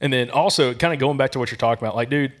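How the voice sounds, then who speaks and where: A man from Alabama with a Southern accent, hosting a casual podcast chat and telling animated stories. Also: medium pitch. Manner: fast, animated storytelling with acted quotes. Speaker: podcast host.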